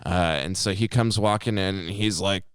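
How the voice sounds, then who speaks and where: A man's voice: on the low side, moderate pace, clear, resonant tone, dry recording, studio quality. A man co-hosting a podcast, telling a story in casual chat, swearing freely and acting out what people said. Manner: animated storyteller, heavy swearing, acts out quotes. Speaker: podcast co-host.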